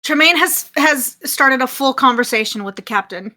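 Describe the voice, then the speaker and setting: A woman's voice: high voice, lively intonation, normal speed, bright, forceful tone. A woman player in a tabletop game, describing what her character does with amusement.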